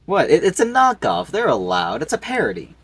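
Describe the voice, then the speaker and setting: Lively young man joking around. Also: a little high. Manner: joking, quick interjections. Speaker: podcast co-host. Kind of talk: casual chat.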